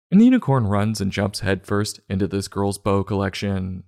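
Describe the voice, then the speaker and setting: Sarcastic man with a low, lively voice. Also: moderate pace. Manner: sardonic, irreverent, deadpan asides. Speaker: comedic book reader. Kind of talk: sarcastic storybook commentary.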